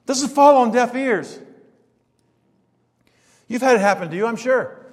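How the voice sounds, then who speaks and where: High-voiced preacher in a reverberant hall. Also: male voice, animated, a little slow. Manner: emphatic, rhetorical questions, quotes scripture, chuckles. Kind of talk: sermon.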